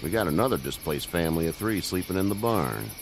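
An actor playing a wary but kind older male farmer who talks in a slow, folksy, measured way, from a video game. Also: deep voice, animated. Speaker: farmer offering shelter. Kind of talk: game voice acting. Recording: game audio with loud cricket noise. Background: crickets and night ambience.

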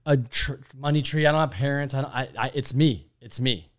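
A man co-hosting a casual podcast chat, speaking at an ordinary middle pitch. He rambles through animated stories, stacking restarts and asides as he goes. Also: fairly quick. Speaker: podcast co-host.

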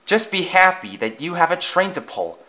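A man's voice: sits high, very animated, moderate pace, bright, forceful tone, pitched above the performer's own voice, heavily acted. A man voicing a small, busy male tank engine in a storybook reading, curt and huffy. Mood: brusque. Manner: brusque, huffy.

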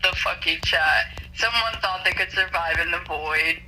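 Bright, teasing young woman gamer. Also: lowish voice, unhurried, soft background music, low-quality recording. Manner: teasing, profane, laughs a lot. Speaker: gaming teammate. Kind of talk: casual gaming chat.

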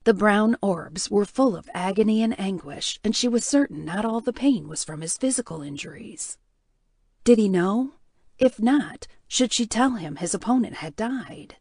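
A woman reading an audiobook in a measured, even storytelling manner. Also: mid-range voice, husky, no echo, studio quality. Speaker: audiobook narrator. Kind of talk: scripted narration.

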